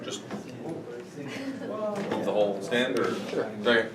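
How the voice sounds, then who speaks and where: A man hosting an open mic in a small cafe, his pitch leaping around with a slow, drawn-out delivery. He hands out theatrical, mock-grandiose pronouncements between acts. He is heard from a distance in an echoey room with a clear background hum. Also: very animated. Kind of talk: playful emcee banter.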